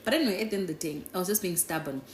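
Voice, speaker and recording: A young woman with a low voice tells a rambling storytime, chatty and animated. She keeps tossing "right?" and "guys" at her listeners. Her voice bounces off an echoey room, with a faint hiss underneath. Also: racing. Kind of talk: casual storytime.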